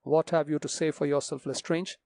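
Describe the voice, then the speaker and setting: A man voicing a stern older gentleman who speaks solemnly and with authority. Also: on the high side, steady tone, a little fast, creaky, no room sound. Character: stern older man, a returned father figure.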